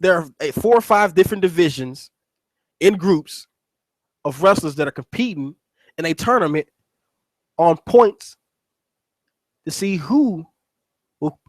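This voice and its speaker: A man's voice: on the high side, lively intonation, a little slow, pauses often, no room sound, low-quality recording. A man hosting a casual wrestling recap, rambling and cursing as he restarts his sentences. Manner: rambling, profane, repeats words and restarts. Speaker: wrestling show host.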